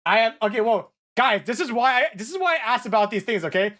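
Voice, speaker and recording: Excitable young man. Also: very high-pitched, quick pace. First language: Korean. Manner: excitable, apologetic and sweary, with frequent laughter and restarts. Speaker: streamer. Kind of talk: casual live-stream chat reacting to viewer messages.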